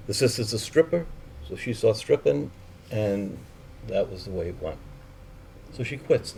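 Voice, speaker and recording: A man's voice: fairly low pitch, warm tone, a little hiss or hum. A man telling a personal story in a candid, profane way, acting out the voices of the people in it.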